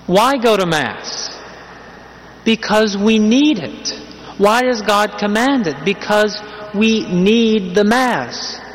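A man's voice: high voice, a little hiss or hum. Man preaching in a reverberant church. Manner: conversational, humorous, uses rhetorical questions. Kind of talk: sermon with storytelling. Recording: long hall reverb, faint ambience.

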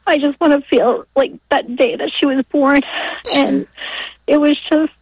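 A woman in her forties calling in by phone, emotional and halting, laughing through tears as she talks. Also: high-pitched, fairly even intonation, no echo. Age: 40s. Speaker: caller. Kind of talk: call-in testimony. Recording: dry lo-fi phone line.

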